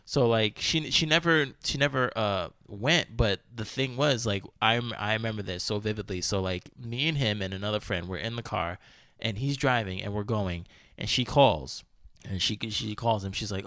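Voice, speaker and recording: A man hosting a podcast, telling a story in casual chat, animated, full of "like" and swearing freely. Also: lowish voice, normal speed, no echo. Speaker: podcast host.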